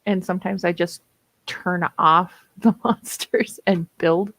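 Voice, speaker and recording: A woman's voice: on the low side, fairly even intonation, slow pace, a bit bright, poor audio. A woman in her fifties with a Minnesota accent, chatting casually and laughing often while hosting writing sprints. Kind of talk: casual livestream chat.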